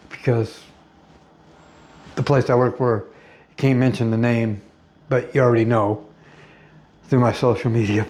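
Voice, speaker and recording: Blunt, rambling man, halting with fillers. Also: mid-range voice, a little mellow. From United States. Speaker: vlogger. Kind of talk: rambling personal monologue.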